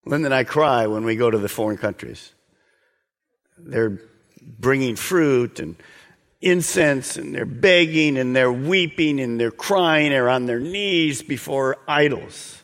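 A man preaching a sermon, earnest and exhorting, sometimes dropping to a soft, slow voice. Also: mid-range voice, lively intonation, in a large hall. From United States. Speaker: pastor.

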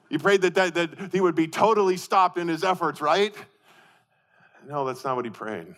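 A man preaching a sermon, asking rhetorical questions and swinging from forceful emphasis to hushed intensity, often repeating and restarting his phrases. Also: fairly high pitch, expressive, measured pace. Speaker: pastor.

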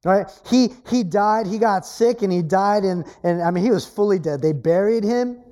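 A woman preaching a sermon, emphatic, repeating her key phrases and swinging her pitch between low and high. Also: moderate pace, mellow.

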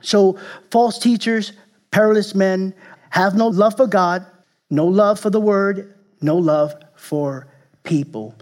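High-voiced male pastor preaching. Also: slow. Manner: repeats key phrases for emphasis, swings between loud and hushed; chuckles at his own slips. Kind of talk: sermon.

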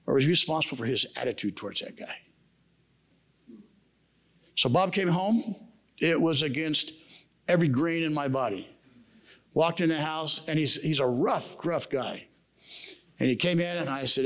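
A man's voice: medium pitch, moderate pace, long pauses. A man giving a sermon at a men's camp, telling a personal story in a casual, slangy way. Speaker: camp speaker. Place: camp meeting room.

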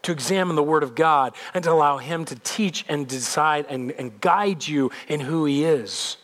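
A man's voice: on the high side, moderate pace, a bit bright. A male pastor giving a sermon in an emphatic, conversational way, repeating points for weight.

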